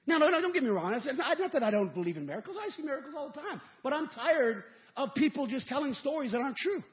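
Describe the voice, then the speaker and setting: A male evangelist delivers a sermon in a very high-pitched voice. He tells stories and then rises into emphatic, shouted peaks. The recording sounds dull and lo-fi. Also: big pitch swings, fast.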